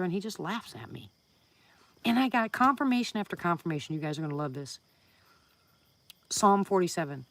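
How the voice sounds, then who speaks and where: A woman's voice: sits low, animated, quick pace. A woman hosting a casual live stream from home, chatting with viewers, greeting them by name and laughing often.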